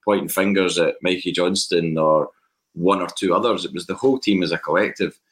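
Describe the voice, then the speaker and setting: A Scottish man with a very low voice talks football as a podcast guest. He sounds measured and casual, weighing each point as he goes. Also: a bit bright.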